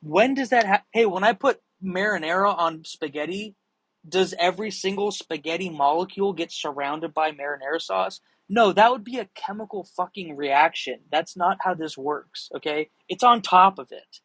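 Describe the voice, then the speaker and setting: A young man hosting a live stream, answering viewer questions in a rambling, excitable, casual chat, swearing freely. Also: sits high, normal speed, slightly rough, no echo, low-quality recording.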